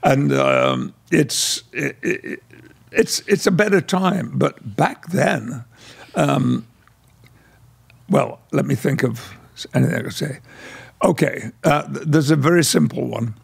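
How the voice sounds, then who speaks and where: An older man from West Yorkshire telling stories as a podcast guest in polished received pronunciation. His voice is deeply gravelly and husky, and he slips into little voices for the people in his tales. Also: very animated. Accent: English received pronunciation. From England, West Yorkshire. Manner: measured storyteller who acts out voices. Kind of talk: conversational storytelling interview.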